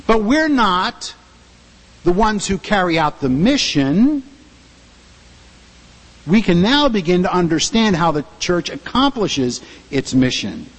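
A male pastor delivers an emphatic sermon, firing rhetorical questions at his congregation. His voice runs high and swoops through a wide range of pitch, with a husky grain. Long reverb trails each phrase through the sanctuary. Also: big pitch swings, unhurried, long pauses.

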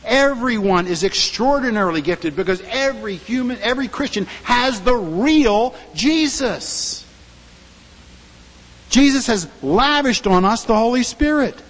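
Rhetorical questions pour from a male pastor in an emphatic sermon, his voice high, husky, and a bit bright. It swoops across a broad pitch range, with long reverb trailing every phrase through the sanctuary.

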